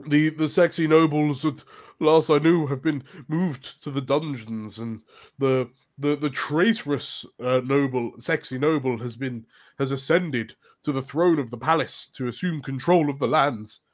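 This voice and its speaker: A solemn palace chef speaks in slow, formal, halting sentences during a tabletop game, as a man puts him on. The voice stays at an ordinary pitch. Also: lightly acted. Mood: grave.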